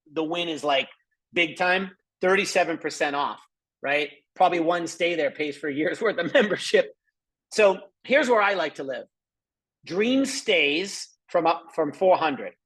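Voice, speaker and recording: A middle-aged man with a slightly high voice runs an excited live sales presentation. He chats to viewers as he scrolls through his screen and keeps dropping in little check-ins and fillers. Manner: excited, chatty, many fillers and asides to viewers. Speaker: presenter of a travel membership.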